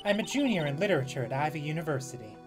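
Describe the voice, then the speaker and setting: A man's voice: a little high, very animated, racing, music in the background. A man voicing a demure young female student witness as a sugary Southern belle with a put-on Southern US accent in a comedic game dub.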